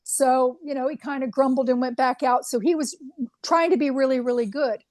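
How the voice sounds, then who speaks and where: High-voiced woman telling a story. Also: normal speed, no echo. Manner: animated anecdote with acted quotes. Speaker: guest. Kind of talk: storytelling in an interview.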